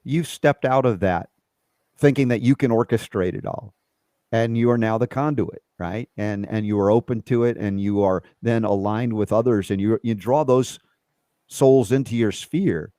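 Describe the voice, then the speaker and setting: A man hosting a casual spiritual conversation, earnest and reflective, sometimes jumping up in pitch as he gets animated. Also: moderate pace, no echo. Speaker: host.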